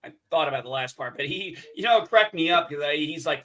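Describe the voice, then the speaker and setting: A man's voice: on the high side, lively intonation, quick pace, few pauses, bright, forceful tone, distant mic, low-quality recording. A man in casual chat, swearing a lot while telling a story and acting out angry lines. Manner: profane storyteller, acts out heated quotes.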